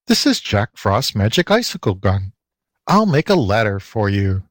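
A man as a kindly old rabbit gentleman. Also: fairly low pitch, big pitch swings, normal speed, no room sound, studio quality. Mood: cheerful. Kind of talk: storybook reading.

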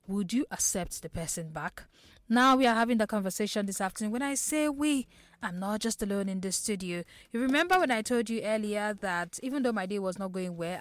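A Nigerian woman hosting a radio talk show in a studio, chatting lively and speaking straight to her listeners. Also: medium pitch, no echo. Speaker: radio host.

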